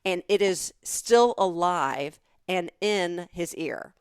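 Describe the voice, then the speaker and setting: A middle-aged woman with a Southern American accent, co-hosting a comedy podcast and telling anecdotes with animated build-up. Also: fairly low pitch, takes it slowly, smooth, no echo, clean studio sound. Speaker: podcast co-host. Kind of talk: casual comedic chat.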